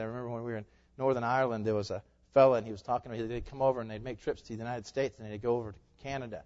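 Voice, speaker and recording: A man's voice: mid-range voice, steady tone, racing, darkish tone. A man preaching a sermon in a church, pressing his listeners with rhetorical questions. His voice carries a long hall reverb, and the recording sounds a little dull. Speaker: pastor. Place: church sanctuary.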